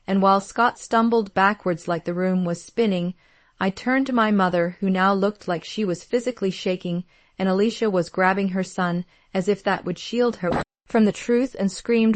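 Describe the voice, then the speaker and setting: A woman calmly narrating a first-person story in a steady, measured way. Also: medium pitch, no echo.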